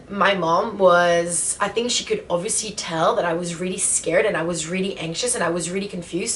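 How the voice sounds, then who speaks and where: A woman's voice: lowish voice, normal speed, few pauses, slight background noise. A woman vlogger telling a personal story in a casual storytime vlog, emotional and full of fillers. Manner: emotional retelling, many fillers.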